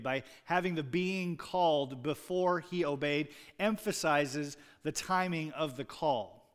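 A man's voice: a little high, a little slow, few pauses. Man preaching in a reverberant hall. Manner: conversational preaching with fillers, rising emphasis on key words. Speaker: pastor. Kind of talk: sermon. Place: church sanctuary. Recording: long reverb in a large hall.

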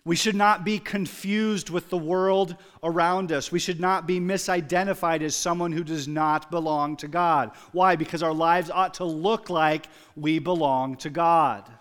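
A man's voice: fairly high pitch, steady tone, unhurried, few pauses. Emphatic man preaching a sermon. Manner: swings from quiet reflection to loud emphatic exclamations. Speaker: pastor.

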